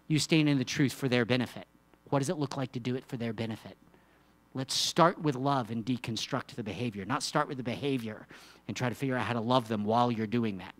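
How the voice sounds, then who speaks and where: This pastor's sermon runs fairly quick and feels conversational. He drops into soft, low asides, then rises to loud, forceful peaks, asking rhetorical questions and teasing along the way.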